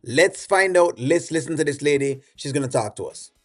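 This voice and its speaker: A man's voice: on the high side, expressive, normal speed, a bit bright, soft background music. A man with a Jamaican accent hosting a reaction video, giving rambling, opinionated commentary full of fillers. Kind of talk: casual commentary.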